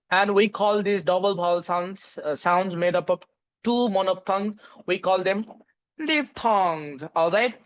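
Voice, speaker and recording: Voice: medium pitch, dull audio. A teacher giving an online English pronunciation lesson, spelling out words letter by letter with many fillers and restarts. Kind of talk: online lecture.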